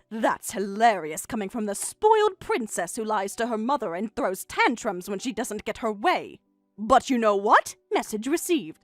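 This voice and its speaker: Hurt middle-aged mother, woman voicing, sarcastic and bitter, animated delivery, dry close mic. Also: mid-range voice, no room sound. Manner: biting sarcasm. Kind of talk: text-message story voice acting.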